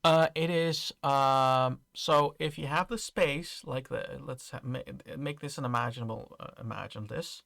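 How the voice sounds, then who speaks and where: A man runs a tabletop game, describing the scene in a halting way full of fillers and self-corrections. His voice has a gravelly, fry-tinged edge. It sounds close and dry, with no room around it. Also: medium pitch, a bit bright, no echo. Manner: halting, many fillers and restarts. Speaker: game master.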